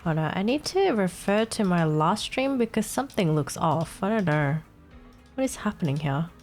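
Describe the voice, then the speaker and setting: A woman's voice: on the low side, very animated, normal speed, a little mellow, faint music behind. Slightly congested young woman streamer. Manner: chatty, irritated, swears casually. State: a little congested. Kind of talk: casual live-stream chat.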